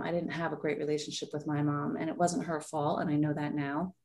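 A woman's voice: deep voice, steady tone, brisk, few pauses, dark tone. A woman in her forties, a podcast guest, telling a heartfelt personal story in a rambling way with many fillers.

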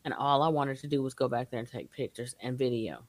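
Low-voiced woman telling a story. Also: brisk. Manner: animated, acts out voices in her story. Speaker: guest telling her encounter. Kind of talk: casual storytelling.

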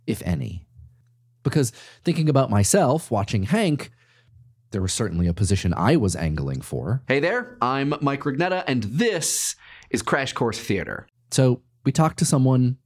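A man with a low, mellow voice hosts a podcast and narrates from a script. He tells his story playfully, and his voice jumps up high when he makes a point. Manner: playful, animated storytelling with sudden leaps in pitch. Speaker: podcast host.

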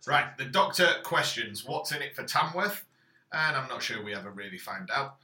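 Bright-voiced man recapping in an echoey room. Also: medium pitch, animated, moderate pace. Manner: plain matter-of-fact recapping with dry asides. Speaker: podcast co-host recapping the story. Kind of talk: casual chat.

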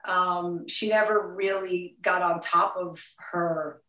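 Sex: woman. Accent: New York. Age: 50s. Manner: blunt, animated. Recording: roomy, distant. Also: fairly low pitch, takes it slowly. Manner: animated, blunt and profane, laughing often. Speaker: actress guest. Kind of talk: casual interview. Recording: roomy sound, distant from the mic.

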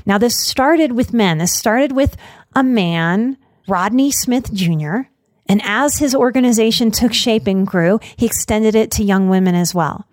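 A woman's voice: fairly high pitch, measured pace, darkish tone, dry recording. Woman hosting her show, earnest and a bit choked up, dry close mic. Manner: earnest, emotional, choked up at times. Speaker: podcast host. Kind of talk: heartfelt announcement to listeners. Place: Denver.

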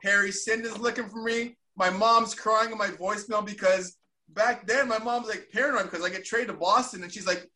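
A man's voice: high-pitched, normal speed. A man in his forties, a former hockey pro, telling a story in casual chat and acting out the quotes in it. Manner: animated, acts out quotes with voices. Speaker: former pro hockey player, podcast co-host.

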